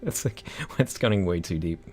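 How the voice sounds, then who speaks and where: A young Australian composer chats on a livestream, reading out viewer messages in a rambling, laid-back way and laughing often. His voice is low and darkish, with lively intonation at a normal pace.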